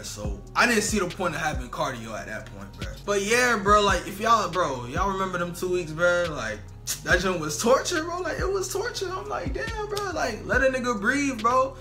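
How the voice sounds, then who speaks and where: A young man telling a funny storytime vlog in slangy casual talk, full of "bro" and "you know what I'm saying". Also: sits high. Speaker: storytelling vlogger.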